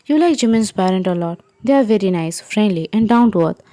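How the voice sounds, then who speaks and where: Mellow woman reading a story. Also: mid-range voice, expressive, a little fast, no echo. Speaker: story narrator. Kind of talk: second-person fan fiction reading.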